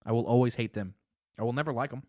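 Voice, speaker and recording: A man co-hosting a casual podcast about a cartoon series, grumbling and teasing in a deadpan way. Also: medium pitch, fast talker, no echo, studio quality. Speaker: podcast co-host.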